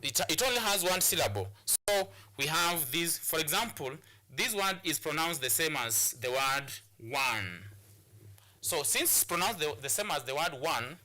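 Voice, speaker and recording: Bright-voiced Kenyan male English teacher. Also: on the high side. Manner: repetitive explanations, frequent restarts and rhetorical questions. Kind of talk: classroom lesson on stress and syllables.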